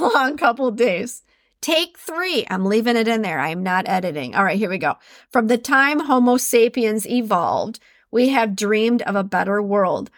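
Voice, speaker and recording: A woman hosting a solo podcast, reading quotes aloud and chatting casually, laughing at her own slips in an animated way. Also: medium pitch, dry recording, studio quality. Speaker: podcast host.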